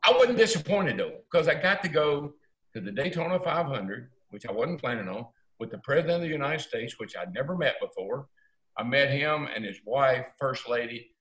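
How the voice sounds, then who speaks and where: Older male storyteller, folksy and animated, echoey room. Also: medium pitch, normal speed. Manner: folksy, animated, acts out quotes. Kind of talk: casual storytelling.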